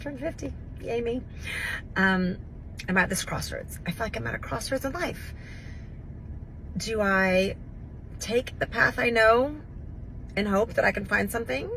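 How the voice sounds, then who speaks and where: A fifty-year-old woman who was recently laid off reflects in a halting way in a casual vlog. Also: a little high, vocal fry, fairly bright tone, slight background noise, low-quality recording. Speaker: laid-off worker.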